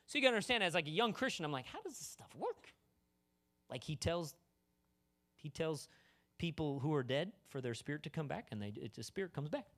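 A pastor preaches in a loose, conversational way, tossing in jokes and asides. His voice sits a little high and leaps all over the place. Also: animated, fast, a bit bright. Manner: casual, joking preaching full of asides. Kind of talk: sermon.

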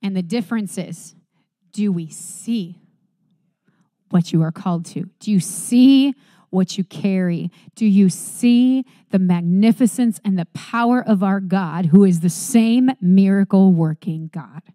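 A woman giving a sermon, reading scripture aloud and preaching earnestly, rising bright at times and dropping to soft quiet emphasis. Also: medium pitch, a little slow, no room sound, clean studio sound.

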